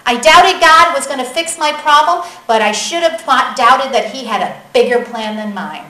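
A woman preaching a sermon in a lively, conversational way that often checks in with the audience. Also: sits high, normal speed, echoey room, poor audio. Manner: animated, conversational, keeps asking the audience "right?".

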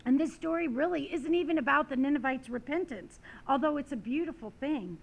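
A woman's voice: high-pitched, a little fast, creaky. A woman preaching a sermon, reading scripture and stories with dramatic rising and falling emphasis.

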